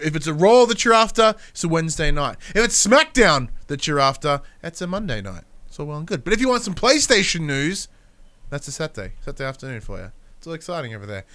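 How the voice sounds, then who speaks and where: Energetic man, bright crisp voice. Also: on the high side. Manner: energetic, enthusiastic delivery. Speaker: podcast co-host. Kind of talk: casual podcast chat.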